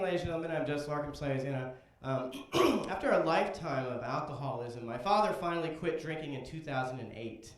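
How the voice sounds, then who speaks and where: A man doing a stand-up set at an open mic, telling dark jokes in a dry way. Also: on the high side. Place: comedy club stage. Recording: very echoey club with faint noise.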